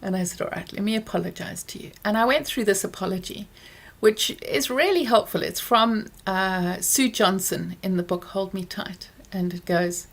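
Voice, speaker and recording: A middle-aged woman vlogger speaks candidly to camera, reflecting on parenting. Her voice jumps high when she replays heated exchanges. Recorded indoors on a close camera mic. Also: moderate pace, gravelly. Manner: candid, reflective, recounts dialogue with lively pitch swings. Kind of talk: casual chat to camera.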